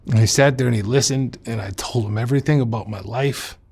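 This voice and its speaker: A man recounts his own past in a sit-down interview, blunt and unfiltered, swearing freely. His voice is husky, with a slightly low, everyday pitch. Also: fairly quick, a little mellow. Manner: blunt, profane, candid storytelling. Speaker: interview guest. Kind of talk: personal life story in a sit-down interview.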